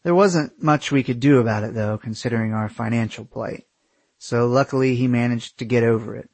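Husky male memoir narrator, wry and candid, dry close-miked read. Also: mid-range voice, a little fast, a little mellow, no room sound. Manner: wry, candid, casual swearing. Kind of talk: first-person memoir narration.

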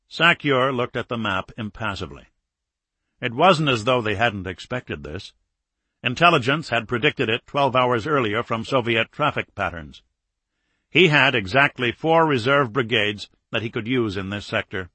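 A male narrator reads in a steady, measured way, his voice bright and forceful at a mid pitch. He is on a close studio mic, and the sound is dry with no room around it. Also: slightly rough, no room sound. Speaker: audiobook narrator. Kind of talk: scripted narration.

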